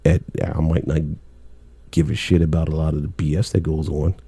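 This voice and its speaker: A man's voice: very deep voice, flat delivery, brisk, dark tone, husky, dry recording. A middle-aged man, a cable technician, telling work stories in a blunt, laid-back way with plenty of swearing. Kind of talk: casual storytelling chat.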